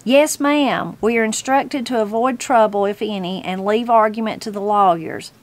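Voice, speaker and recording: A woman's voice: mid-range voice, moderate pace, lightly acted. Woman reading as a polite young surveyor. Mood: earnest. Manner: polite, earnest.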